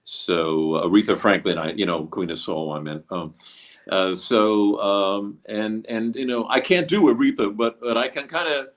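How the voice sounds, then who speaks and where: A man's voice: fairly low pitch, normal speed. Rambling man musician talking shop. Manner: rambling, with many fillers and restarts. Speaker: guest musician. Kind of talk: casual interview.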